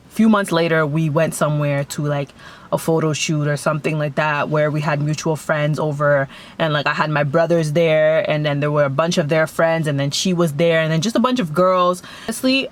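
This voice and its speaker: Chatty young woman telling a story. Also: deep voice. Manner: chatty and animated, acts out quoted voices. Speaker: vlogger. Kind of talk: casual storytelling.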